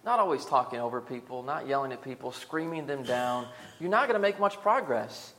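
Male preacher, sermon delivery, emphatic with loud and soft swings, average pitch, long hall reverb. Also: expressive, brisk.

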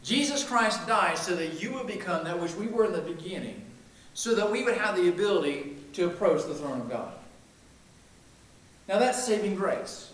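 A man preaching a sermon, emphatic, swinging between loud declarations and hushed lines. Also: sits high, lively intonation, normal speed. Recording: very echoey room, mic at a distance.

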